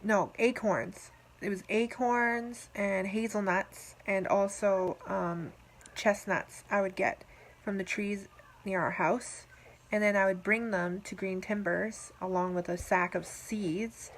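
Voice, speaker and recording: A woman talking casually to her viewers in a rambling, gentle, affectionate diary vlog. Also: medium pitch, fairly even intonation, slow pace, rough recording. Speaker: vlogger.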